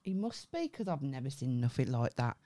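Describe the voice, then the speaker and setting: A woman's voice: a bass voice, big pitch swings, brisk, dark tone. A woman with a Birmingham accent, co-hosting a casual comedy podcast, sweary and laughing a lot. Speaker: podcast co-host.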